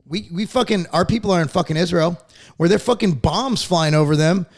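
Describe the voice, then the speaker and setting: A man's voice: sits high, fairly quick, vocal fry. A man in his forties hosting a podcast, ranting casually with constant swearing. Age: 40s. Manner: profane, animated ranting. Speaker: podcast host.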